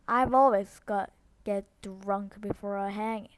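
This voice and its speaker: A woman's voice: mid-range voice, fairly even intonation, dry recording, lightly acted. A woman reading as a drunk drawling sheriff. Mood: leering. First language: Korean. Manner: slow drawl. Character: drunk leering small-town male sheriff. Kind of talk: audiobook read-aloud.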